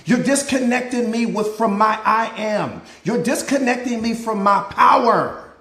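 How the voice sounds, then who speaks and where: A man's voice: high-pitched, animated, a little slow, pushed and bright, reverberant. A man giving a live motivational talk as a mindset coach, preaching with repeated rhetorical questions and answers.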